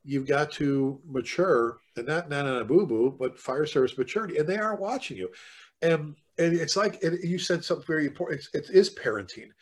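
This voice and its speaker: A man from the fire service talking casually on a podcast, telling stories with animated energy. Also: fairly high pitch, a little fast, husky. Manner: animated storyteller, excited when retelling.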